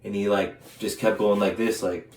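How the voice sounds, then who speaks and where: Man, lowish voice, rambling storyteller, restarts a lot; roomy echo, faint background hiss. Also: level tone, darkish tone. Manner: rambling, halting with many restarts and fillers. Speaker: vlogger. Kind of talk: casual storytelling. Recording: echoey room with faint ambient noise.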